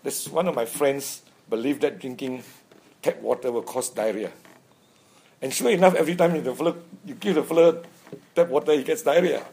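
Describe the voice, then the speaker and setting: A man's voice: medium pitch, normal speed, creaky, dark tone, breathy edge. A man giving an informal Buddhist dharma talk, chatty, chuckling often and checking in with "right?". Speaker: Buddhist teacher.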